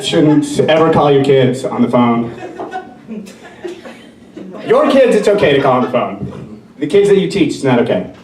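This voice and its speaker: High-voiced man doing stand-up in a roomy bar. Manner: animated storytelling with acted-out voices. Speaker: stand-up comedian. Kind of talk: stand-up comedy set. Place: brewery. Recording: roomy bar from a distance, crowd laughter.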